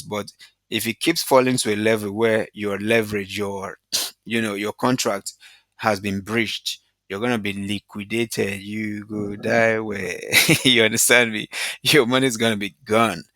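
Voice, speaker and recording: A young man teaches crypto trading to beginners over slides. His voice sits low, and he checks in often with quick "right?" questions. The sound is close and dry, with no room around it. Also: fairly bright tone, dry recording. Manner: explains with repeated "right?" checks and everyday examples. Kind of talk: casual tutorial talk over slides.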